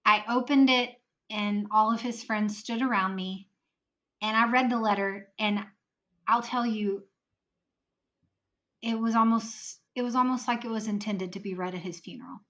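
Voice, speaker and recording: Podcast guest, woman, earnest storyteller, mid pitch. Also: fairly even intonation, moderate pace, fairly bright tone. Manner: earnest, acts out quoted voices in her story. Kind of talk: emotional personal storytelling.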